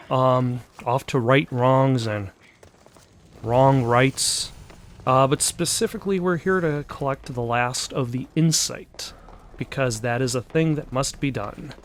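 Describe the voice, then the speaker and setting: A young man, out of breath, rambling through casual gameplay commentary with many ums and uhs. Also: medium pitch. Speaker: let's play host.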